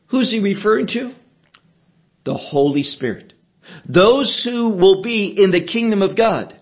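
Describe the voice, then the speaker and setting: A man teaching a sermon verse by verse, measured and emphatic, asking questions and answering them himself. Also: high voice, lo-fi sound. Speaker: preacher.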